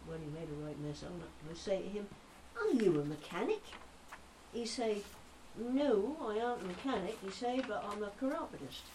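A woman's voice: mid-range voice, lively intonation, moderate pace, mellow, far from the mic, slight background noise, voice pushed up, natural voice. A woman putting on chatty old Norfolk countrywoman Mother Miller. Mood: jolly yarning. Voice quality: broad rustic dialect, jokey storyteller.

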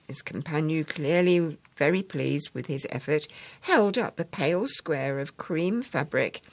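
A woman reads a story aloud to an audience in a warm, measured way. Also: low voice, vocal fry, no room sound.

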